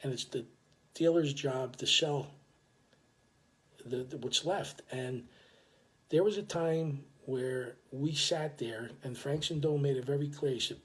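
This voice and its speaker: An older man tells a story casually, with rough swearing and many restarts. His voice sits at an ordinary middle pitch and grows animated as he talks. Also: a little slow. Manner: animated, profane, full of restarts.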